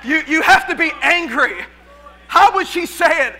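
A male pastor preaching a lively sermon in a church. He often repeats his words and laughs. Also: very high-pitched, measured pace.

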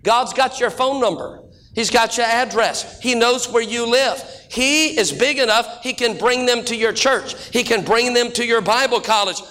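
Bright high-voiced joking preacher man. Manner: folksy joking preacher, shifting between quick and slow drawn-out delivery. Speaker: pastor. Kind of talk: sermon with humorous stories.

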